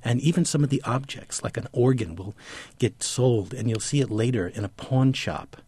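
A man's voice: medium pitch, moderate pace, mellow, husky, no room sound. A man talking about a book as a guest, chuckling often, rambling a little, and reading excerpts aloud. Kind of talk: casual book talk with read-aloud excerpts.

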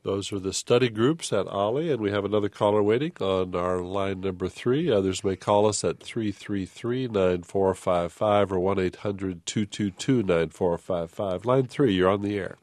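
A male radio host runs a call-in show in a brisk, practical way. His voice is deep and low. The sound is dry and close to the mic. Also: darkish tone, no room sound. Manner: brisk, reads phone numbers.

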